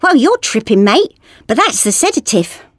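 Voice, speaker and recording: A woman's voice: a little high, big pitch swings, moderate pace, breathy edge, no echo, clean studio sound, voice pushed up. A woman voicing a blunt, practical male factory worker who talks to his friend in a chummy, exasperated way. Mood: wry.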